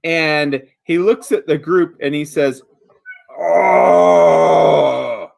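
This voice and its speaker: A man narrating a tabletop game as game master, relaxed, with many fillers. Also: a little high, measured pace.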